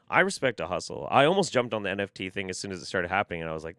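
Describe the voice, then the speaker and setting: A man's voice: lowish voice, quick pace, bright, forceful tone, clear, resonant tone, dry recording, studio quality. A man giving reaction commentary, ranting in an exasperated, profane way. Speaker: commentary YouTuber.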